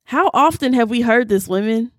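A woman hosting a podcast, teaching scripture in a casual, animated way and talking straight to her listeners. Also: on the high side, normal speed, noisy background.

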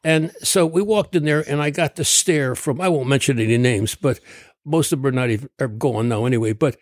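An older man from Connecticut, a doctor being interviewed, telling a rambling story and clearing his throat often. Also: mid-range voice, brisk, dry recording, studio quality. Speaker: guest, doctor.

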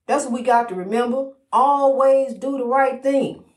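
A woman's voice: high-pitched, normal speed, darkish tone. A woman giving a daily inspirational testimony in a preacherly, repetitive, encouraging way, with many fillers. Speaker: motivational speaker. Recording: roomy echo.

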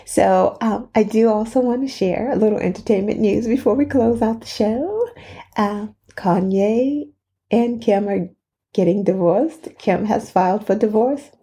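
A woman hosting a podcast tells a story in a relaxed, chatty monologue. Her voice sits at a middle pitch with a warm, mellow tone. She laughs between phrases and leans on dramatic pauses. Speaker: podcast host.

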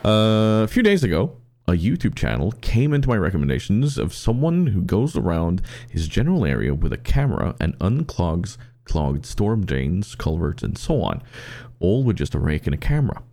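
A man's voice: sits low, very animated, normal speed, gravelly, warm tone. A man co-hosting a podcast, telling stories in casual chat, rambling and acting out the people in them. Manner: rambling storyteller, acts out quotes, repeats words. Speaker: podcast co-host.

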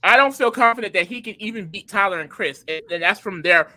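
A podcast co-host recapping a reality competition episode in excitable casual chat, peppering speech with "like.". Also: medium pitch, fast, low-quality recording. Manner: excitable, animated, fills talk with "like".

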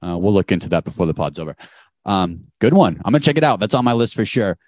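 A man co-hosting a casual podcast, talking fast and animated. His pitch jumps around a lot as he talks. The sound is dry and close, with no room echo. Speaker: podcast co-host. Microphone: remote call mic.

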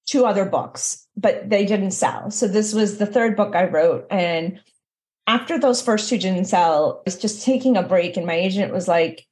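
A woman's voice: medium pitch, moderate pace, a little mellow. A woman author as a podcast guest, talking candidly and conversationally about her work. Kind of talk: interview conversation.

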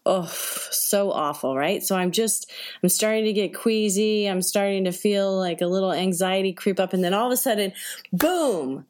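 A woman telling a personal story in a chatty, animated way, acting out voices and reactions, with many fillers. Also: medium pitch, moderate pace. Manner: conversational, many fillers like "like" and "right?". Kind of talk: personal anecdote told to an audience.

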